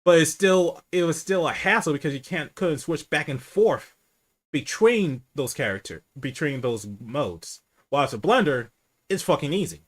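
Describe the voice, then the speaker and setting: A man hosting a casual livestream chat, candid and profane, who says he speaks low and rambles with restarts. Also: animated, moderate pace.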